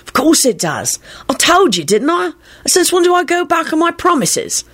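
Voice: very high-pitched, sing-song, moderate pace, fairly bright tone, pitched above the performer's own voice, heavily acted. A reader voicing a brash, cocky young male wizard ghost who swears and teases in an audiobook. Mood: cocky teasing. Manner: swearing, breezy, mocking.

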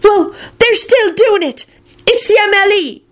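A woman voicing a stubborn teenage witch girl in a high, whiny, insistent voice. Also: animated, measured pace.

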